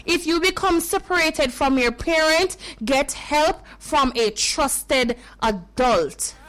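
A Jamaican woman hosting a children's radio show from a studio, her voice pitched high and her words unhurried. She talks to the kids with warm, caring repetition. Soft music plays faintly behind her. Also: animated. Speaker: radio host.

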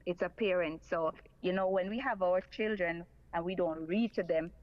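A woman's voice: on the low side, moderate pace, highs cut off. A woman calling in to talk radio, earnestly repeating her points.

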